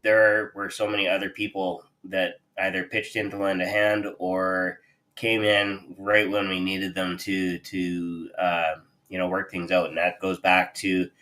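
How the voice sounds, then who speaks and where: A man from Canada co-hosting a casual video-call chat, halting with many fillers. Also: sits low, level tone, bright, forceful tone. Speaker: co-host.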